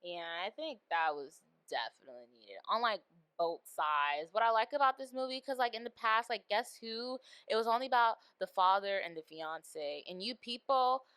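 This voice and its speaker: A young adult woman hosting a podcast, chatting casually about a movie and acting out lines with animated delivery. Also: on the high side, normal speed, clean tone, no room sound. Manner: animated, acts out quoted lines. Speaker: podcast host. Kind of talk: casual movie review chat.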